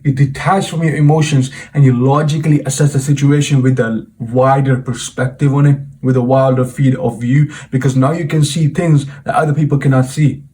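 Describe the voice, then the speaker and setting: A young man speaks straight to his viewers at an everyday mid-range pitch. He tells a personal story in a loose, informal way, keeps tossing in "bro", and turns reflective and earnest as he draws a lesson from it. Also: fairly even intonation, brisk, few pauses, mellow. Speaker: self-improvement vlogger and coach. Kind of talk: casual storytelling monologue to camera.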